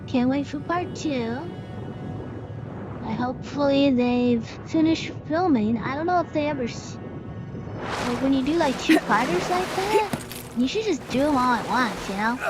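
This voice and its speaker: A woman's voice: high voice, expressive, a little slow. A woman game streamer rambling casually and sarcastically as she plays. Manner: rambling and sarcastic, full of fillers. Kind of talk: casual chat while playing. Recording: game music playing behind her.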